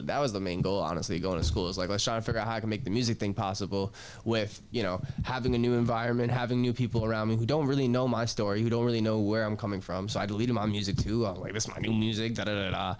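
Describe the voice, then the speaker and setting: A man's voice: on the low side, fairly even intonation, fast, smooth. A young man hosting a podcast, telling a personal story in a loose, slangy way, swearing, trailing off and restarting. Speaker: podcast host.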